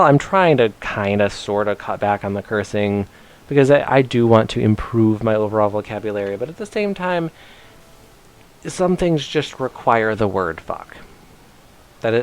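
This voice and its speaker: A man giving casual commentary while he streams a game, chatty and rambling with plenty of fillers. His voice sits on the low side and sounds smooth and clean.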